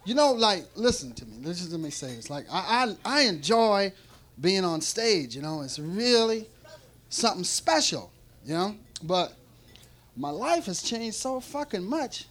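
His high-pitched voice swinging widely in pitch and running a little slow, a stand-up comedian rambles profanely through a club set. He laughs between lines with a dry mouth, and the loud audience reacts in the live recording.

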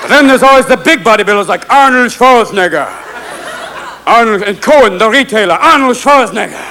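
A male stand-up comedian doing a fast, manic routine full of impressions. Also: high voice, slight background noise. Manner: rapid impressions, swerving between silly voices. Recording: live club with loud crowd laughter. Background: audience laughing.

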